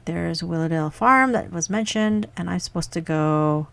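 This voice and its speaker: Low gravelly-voiced woman gamer. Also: normal speed, a bit bright. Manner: muttering, thinking aloud. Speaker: gaming youtuber. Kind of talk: casual gameplay commentary.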